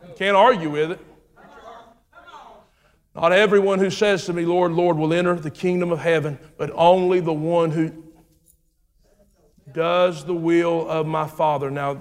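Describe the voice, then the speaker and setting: High-pitched man preaching in a reverberant hall. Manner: rhythmic preaching, swinging from shouts to low hushed lines. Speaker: pastor. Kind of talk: sermon.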